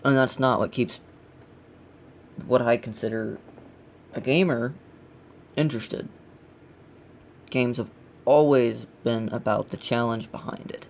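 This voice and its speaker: A man with a gravelly voice hosting a casual let's play, giving blunt, grumbling critique as he plays. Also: medium pitch, slow, pauses often, slight background noise. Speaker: gaming channel host.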